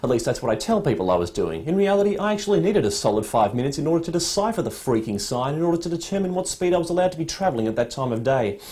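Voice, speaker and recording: A man's voice: fairly high pitch, very animated, racing, few pauses, darkish tone. A young Australian man delivering a sarcastic, exasperated comedy rant as presenter.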